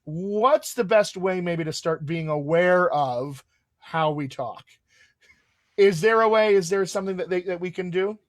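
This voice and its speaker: An enthusiastic man with a General American accent hosts a live Q&A as a dialect coach, often restarting his sentences. His voice sits a little high. The sound is dry and close, with no room echo. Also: measured pace. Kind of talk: live Q&A chat.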